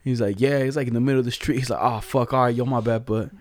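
A young man telling a story to a friend in casual chat, slangy and animated, laughing often. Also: mid-range voice, fast talker, dry recording, studio quality.

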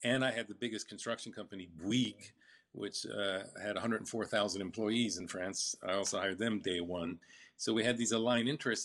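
An older man recounting his business story in a casual interview, halting with fillers and restarts. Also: lowish voice, fairly bright tone.

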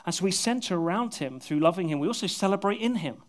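A male pastor preaching an earnest sermon to his congregation, often dropping to soft, intimate tones, with a touch of self-deprecating humor. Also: sits high, expressive, quick pace. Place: church service with a congregation.

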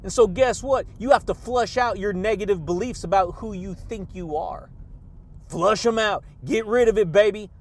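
A man hosting a motivational podcast monologue, hyped and energetic, laughing often and shouting catchphrases. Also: high voice, moderate pace. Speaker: podcast host.

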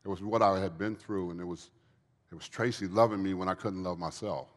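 Speaking a little fast in a deep, steady voice, a guest speaker in recovery delivers earnest, preachy testimony at a church Q&A and keeps repeating phrases. The setting is a church event hall, with long reverb from the large room.

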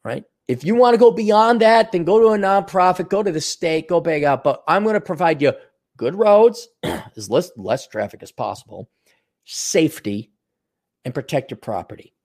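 A man's voice: expressive, normal speed, darkish tone. A man hosting his own show, ranting alone in a profane, sarcastic way. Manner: profane, sarcastic, mocks others in high mimicking voices. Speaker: podcast host. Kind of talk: ranting solo monologue.

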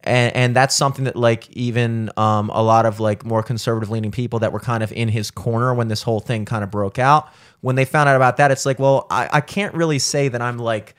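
A man's voice: mid-range voice, fairly even intonation, fairly quick, hardly any pauses. A man on a casual podcast, rambling and swearing, full of fillers and restarts. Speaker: podcast co-host.

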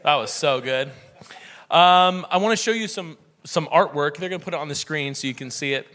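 A man's voice: fairly high pitch, a little fast, sharp tone. A young man preaching a sermon and leading prayer in an earnest, conversational way.

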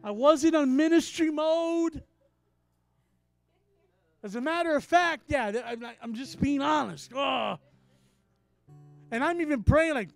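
A man who is a traveling minister, telling a story in a sermon with animated, acted-out dialogue. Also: very high-pitched, a little slow, gravelly, pauses often, no echo, faint music behind.

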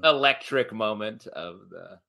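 A man co-hosting a casual live-streamed talk show, joking and animated. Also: fairly low pitch, gravelly, dull audio. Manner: joking, animated, quick asides. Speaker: podcast co-host.

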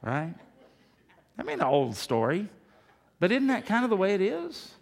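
A man's voice: high-pitched, huge pitch swings, normal speed, creaky. A pastor in his fifties preaching a sermon with emphasis, often asking the congregation questions. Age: 50s.

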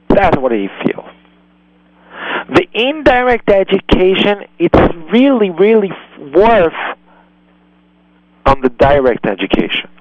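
A man's voice: high-pitched, no room sound, muffled recording. A man hosting a radio advice show, giving earnest, emphatic parenting guidance in slightly non-native English. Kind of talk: call-in advice talk.

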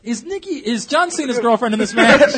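A man's voice: very high voice, slight background noise. A man hosting a casual sports chat, joking and steering the conversation. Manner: lively, joking, leads the picks. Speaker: podcast host.

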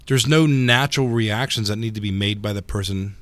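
This jiu-jitsu teacher tells stories animatedly in a casual podcast chat, often repeating words as he goes. His voice is fairly low and fairly quick, with no room sound.

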